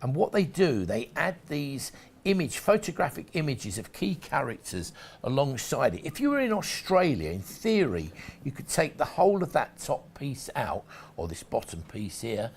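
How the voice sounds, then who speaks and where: A man hosts a shopping channel, pitching collectables in a rambling, chatty patter. His voice is gravelly and husky. His pitch swoops up and down a lot as he talks. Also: wildly swooping pitch, normal speed. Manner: chatty, rambling sales patter with frequent restarts. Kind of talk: sales presentation.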